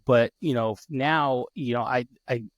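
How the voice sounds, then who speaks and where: A man in his thirties hosting a casual podcast interview, lively and quick to act out his kids' voices. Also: mid-range voice, dry recording, studio quality. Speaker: podcast host.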